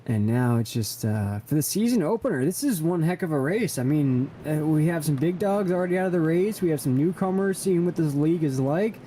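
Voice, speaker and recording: A man's voice: on the high side, expressive, fairly quick, few pauses, dark tone, slight background noise, low-quality recording. A man doing live play-by-play commentary on an online racing broadcast, upbeat and announcer-like, reading out standings and going to breaks.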